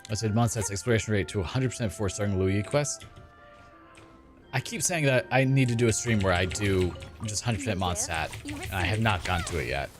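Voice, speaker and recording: A man chats loosely while streaming a video game, wandering from thought to thought and poking fun at himself. His voice sits a bit low, with faint game music behind. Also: brisk. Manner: rambling, chatty, self-deprecating. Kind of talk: casual gaming stream chat.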